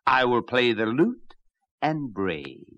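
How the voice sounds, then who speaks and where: A man's voice: medium pitch, big pitch swings, takes it slowly, dry recording, lo-fi sound. A man voicing a kindly, hopeful old donkey who speaks in a friendly, encouraging way.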